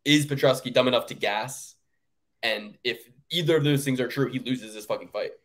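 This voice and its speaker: A man co-hosting a sports betting podcast, ranting in casual, profane chat with sudden jumps up in pitch. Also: normal speed. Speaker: podcast co-host.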